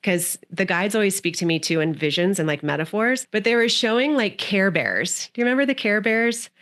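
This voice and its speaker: Here a creative coach joins a podcast conversation, her dreamy, spiritual talk of inner work flowing freely. She speaks briskly at a medium pitch with a slightly bright tone.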